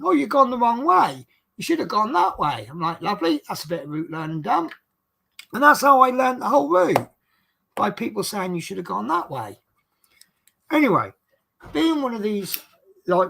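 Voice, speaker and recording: Gravelly, lively-voiced chatty man. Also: a little high. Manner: chatty and rambling, acting out quoted dialogue. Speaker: bus driver. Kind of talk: casual storytelling monologue.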